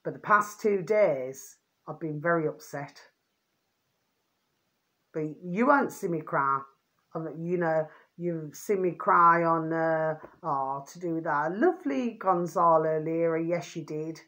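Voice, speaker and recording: Woman, middle-aged, slightly low voice, rambling vlog chatter, blunt and sweary. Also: slow, a bit bright. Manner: rambling, repeats a pet phrase, swears freely. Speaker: vlogger. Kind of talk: rambling casual monologue.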